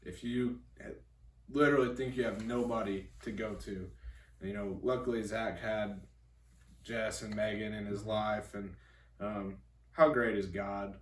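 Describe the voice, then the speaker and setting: A man hosting a podcast, talking in an unhurried way with "um" fillers. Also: lowish voice, fairly even intonation, recorded from a distance, a little hiss or hum. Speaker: podcast host. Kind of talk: casual podcast talk. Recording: roomy room, voice off-mic.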